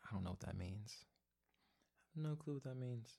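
A man in his twenties hosting a solo podcast, rambling and profane, going from mumbles to loud rants. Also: medium pitch, expressive, fairly quick, vocal fry, breathy edge. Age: 20s. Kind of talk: casual solo podcast rant. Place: home, alone.

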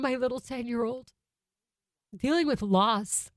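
A woman's voice: mid-range voice, normal speed, no echo, clean studio sound. Heartfelt woman telling a family story. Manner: heartfelt, emotional, conversational. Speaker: mother sharing a family story. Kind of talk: personal storytelling monologue. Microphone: microphone, close.

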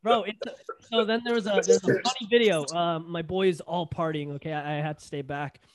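High-voiced slangy young man, Toronto accent. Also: steady tone, a little fast, a loud crowd. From Toronto, Canada. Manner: slangy, rambling, full of fillers. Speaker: podcast co-host. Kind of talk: casual chat.

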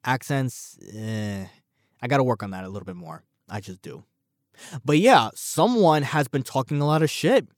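A man hosting a solo commentary podcast, rambling and animated, swearing freely as he talks. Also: medium pitch, normal speed, dry recording, studio quality. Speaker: podcast host.

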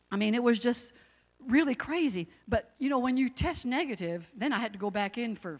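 A middle-aged woman telling her personal testimony in a casual, animated way, with emotional religious exclamations. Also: on the high side, big-room sound. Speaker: guest sharing a testimony.

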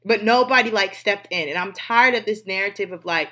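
A woman's voice: mid-range voice, fast talker, few pauses, bright, forceful tone. A woman hosting a gossip commentary show, talking bluntly and emphatically, with frequent swearing. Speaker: host.

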